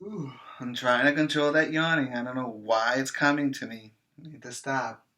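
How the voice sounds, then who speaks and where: A man teaching preschoolers in an online class, chanting and singing in a slow, encouraging sing-song. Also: medium pitch, steady tone, pushed and bright. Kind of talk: sing-song classroom lesson for small children. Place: home or classroom, recording for virtual class.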